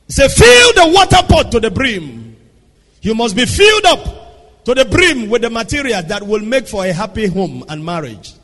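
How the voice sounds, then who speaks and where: A man preaching a sermon, swinging from soft asides to shouted lines. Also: sits high, huge pitch swings, normal speed. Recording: long hall reverb.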